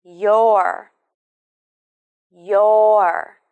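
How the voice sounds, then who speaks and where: A woman's voice: mid-range voice, steady tone, drawn-out words, darkish tone, clean tone. A woman teaching English to beginners, speaking patiently and repeating words syllable by syllable. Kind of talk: slow pronunciation drill for beginners.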